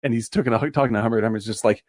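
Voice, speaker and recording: A man co-hosting a casual movie podcast, excitable, laughing often and swearing as he talks. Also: mid-range voice, very fast, no echo, clean studio sound. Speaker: podcast co-host.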